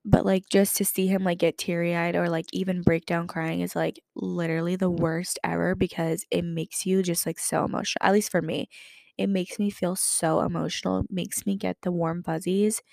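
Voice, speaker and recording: Her lowish, creaky voice is level and darkish, moving at a moderate pace with no room sound and studio quality. She's a podcast host in her twenties, chatting casually with a lingering cough and plenty of "like" fillers.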